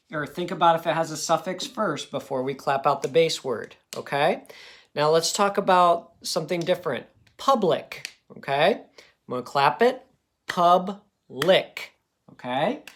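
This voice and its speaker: A man's voice: on the high side, fairly bright tone. A man teaching a phonics lesson, patient and encouraging, checking in often with "okay?".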